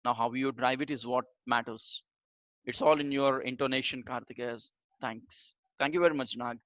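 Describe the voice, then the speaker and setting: A man teaching a live online communication class in an energetic, motivational way, talking straight to his audience and repeating phrases for emphasis. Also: mid-range voice, moderate pace, no echo, lo-fi sound. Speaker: communication trainer.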